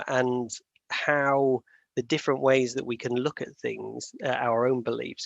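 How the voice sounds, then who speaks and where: A man with a gravelly, creaky voice hosts a casual podcast chat. He rambles and laughs at himself as he tells stories. The recording is dry and a little dull. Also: medium pitch, no room sound. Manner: rambling, self-deprecating storyteller with many fillers and restarts. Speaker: podcast host.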